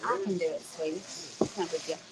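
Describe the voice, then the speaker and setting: A woman's voice: low-pitched, steady tone, a little fast, a crowd in the background, poor audio. A woman chatting casually with her husband on a livestream, teasing and using many ums. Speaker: co-host, the vlogger's wife. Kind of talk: casual chat. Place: restaurant.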